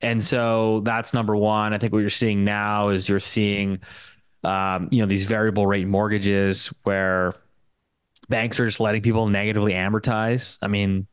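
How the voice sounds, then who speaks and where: Low, smooth-voiced young Canadian man. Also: level tone, no room sound. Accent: Canadian English. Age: young adult. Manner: rapid, filler-heavy, full of "like" and restarts. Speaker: guest market commentator. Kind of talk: casual interview talk.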